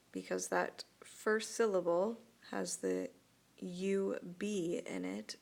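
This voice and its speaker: A woman teacher giving a recorded lesson to young students, talking slowly and carefully and repeating each word. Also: lowish voice, vocal fry. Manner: slow, deliberate, repeats words for young students. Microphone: tablet microphone.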